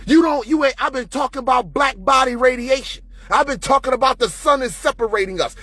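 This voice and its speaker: A man's voice: extremely high pitch, brisk, hardly any pauses, sharp tone, no echo. A man in an unscripted monologue to camera, profane and preachy, often heated. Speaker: vlogger.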